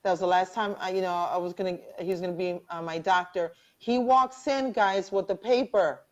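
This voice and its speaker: A middle-aged woman hosts a live video interview, her voice pitched a little low and dulled by lo-fi livestream audio. She tells her story in animated, rushing bursts and earnestly encourages her guest. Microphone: webcam or phone on a video call.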